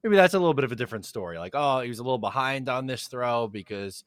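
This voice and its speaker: Sports podcast co-host, male, mid-pitched and dry, matter-of-fact. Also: expressive, fast, dry recording. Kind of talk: casual sports talk.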